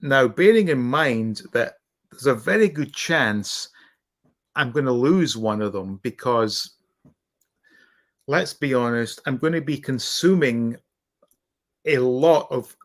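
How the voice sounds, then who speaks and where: Male live-stream host, rambling and halting, ordinary mid-pitched voice. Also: expressive. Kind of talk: casual live-stream chat.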